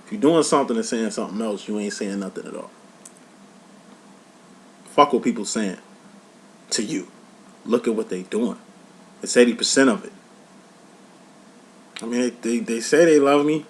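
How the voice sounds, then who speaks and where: A man speaks in a middle-pitched, everyday voice as he reads tarot cards for his audience. His delivery is blunt and profane, and he lectures the listener with tough love in a loose, conversational monologue. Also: normal speed, pauses often. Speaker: tarot reader and life coach. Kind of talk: casual tarot reading monologue.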